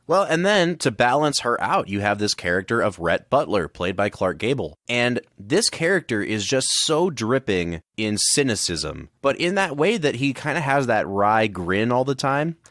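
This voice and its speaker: A man's voice: mid-range voice, big pitch swings, normal speed, few pauses, fairly bright tone, no room sound, studio quality. A man co-hosting a podcast, talking through a film in an enthusiastic, analytical way. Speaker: podcast co-host. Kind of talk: casual film discussion.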